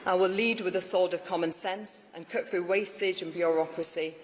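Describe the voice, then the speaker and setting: A woman's voice: on the low side, steady tone, moderate pace, a little hiss or hum. A woman, a newly elected mayor, delivering an emphatic, rousing victory speech to an audience in a large hall. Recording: echoey hall with faint ambience.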